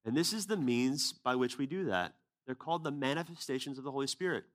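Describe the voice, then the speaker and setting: A man's voice: mid-range voice, quick pace. A man preaching a sermon, telling a personal story in a casual, conversational way and then pressing his point earnestly. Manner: casual, conversational retelling with quoted dialogue.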